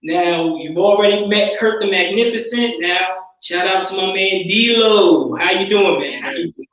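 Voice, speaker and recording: High bright-voiced man in an echoey room. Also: a little slow, far from the mic. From Yonkers, New York. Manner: relaxed, repeats phrases, lots of fillers. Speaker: stream host. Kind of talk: casual sports chat on a live stream. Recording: echoey room, away from the mic.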